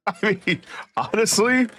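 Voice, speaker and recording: A man's voice: sits high, lively intonation, slow, bright, forceful tone, a little hiss or hum. A tired man giving casual, rambling commentary while he streams a game, laughing often and swearing.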